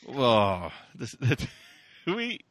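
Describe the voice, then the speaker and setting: Lively joking man on a podcast. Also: mid-range voice, drawn-out words, no room sound. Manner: animated, jokey, acts out scenes. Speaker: podcast co-host. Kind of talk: casual chat.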